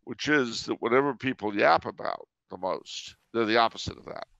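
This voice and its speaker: A man hosts a podcast, chatting casually in a wry, digressive storytelling style. His medium-pitched voice is creaky and a bit bright at a moderate pace, with no room sound, in a dry, dull lo-fi recording.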